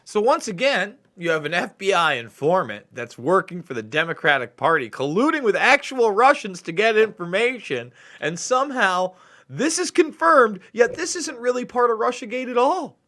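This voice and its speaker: A man hosting a political commentary show, talking in an excitable, sarcastic way and breaking in on clips. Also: high-pitched, normal speed.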